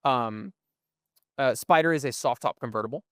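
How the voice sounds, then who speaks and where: Young man explaining in a smooth voice. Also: mid-range voice, normal speed, no room sound. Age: young adult. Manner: explains at length, often adds "right?". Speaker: podcast co-host. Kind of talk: casual chat. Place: museum.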